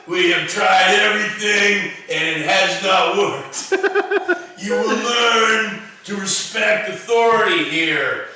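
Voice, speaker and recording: A man putting on a menacing prison warden's voice, barking rules at full volume. The voice sits well above his own speaking pitch and comes through bright and sharp. The room is very echoey and the mic sits far off. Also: slow, exaggerated voice. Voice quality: loud, shouty, stern.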